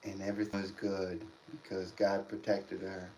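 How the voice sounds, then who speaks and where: Here the father's voice is low, monotone and darkish, moving at a moderate pace. On his casual livestream he tells emotional stories in a rambling way, often starting over, recorded on a distant mic with faint background room noise.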